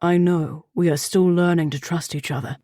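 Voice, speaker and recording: A woman putting on a rough-edged barbarian man, lowering her voice to a gruff murmur. He speaks tenderly and earnestly, with a dry close-up sound and little room around him. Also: steady tone, moderate pace, mellow, dry recording, lightly acted.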